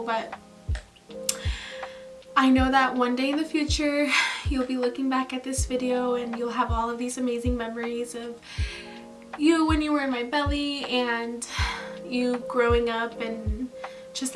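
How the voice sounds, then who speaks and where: A young woman talking casually to her camera about her pregnancy, chatty and gushing, with lots of fillers and laughs. She says she is tired these days. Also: fairly high pitch. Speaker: vlogger. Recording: mic at a distance, music behind. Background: background music.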